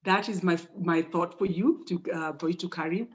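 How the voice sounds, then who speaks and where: A woman's voice: fairly low pitch, moderate pace. A woman giving polite closing remarks on a group video call, thanking listeners often. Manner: warm, polite, with frequent thanks. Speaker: call presenter closing the session. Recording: dull lo-fi call audio.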